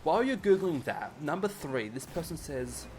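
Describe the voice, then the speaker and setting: A man's voice: a little high, sing-song, moderate pace, a loud crowd. An Australian man co-hosting a casual podcast, rambling with many ums and frequent laughs. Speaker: podcast co-host. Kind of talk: casual chat.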